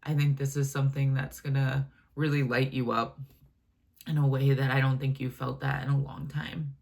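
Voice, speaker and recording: Gravelly-voiced woman giving a spiritual reading. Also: rumbling low, level tone, normal speed. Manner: gentle, affectionate, addresses listener as my love and baby; meandering, filler-heavy, self-correcting. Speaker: channeled message reader.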